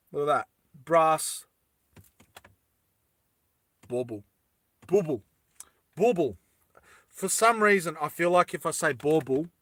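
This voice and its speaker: With a slightly high, bright voice and a forceful tone, a man jokes and giggles through casual live-stream chat while crafting earrings. The recording has no echo.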